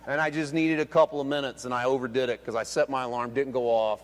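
A man preaching a sermon as pastor, swinging between hushed, quiet lines and loud, emphatic ones. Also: mid-range voice, fairly even intonation, quick pace, few pauses. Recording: long hall reverb.

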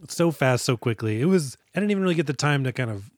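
A man's voice: mid-range voice, animated, quick pace, no echo. A man co-hosting a film podcast in a loose, rambling way, trailing off and restarting his thoughts. He sits close to the mic in a dry, dead room. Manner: rambling, self-interrupting, quotes characters in mock voices. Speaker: podcast co-host. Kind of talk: casual movie discussion.

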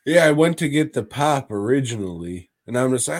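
A man's voice: mid-range voice, sing-song, brisk, few pauses, no echo, studio quality. A man co-hosting a podcast, casually and profanely retelling a horror episode with jokes. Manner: profane, jokey storytelling. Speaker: podcast co-host.

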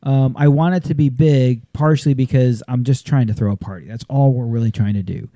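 A man hosts a loose, joking chat, his voice mellow and dark. He plugs things with eager enthusiasm. The sound is dry and close. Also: mid-range voice, a little fast, dry recording. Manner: jokey, enthusiastic promoter. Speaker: podcast host. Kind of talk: casual chat.

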